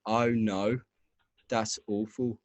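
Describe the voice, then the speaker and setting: A man's voice: on the low side, flat delivery, takes it slowly, no room sound, lo-fi sound, voice pushed down. A man doing an eager young Brummie lad. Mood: dismayed. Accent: Birmingham.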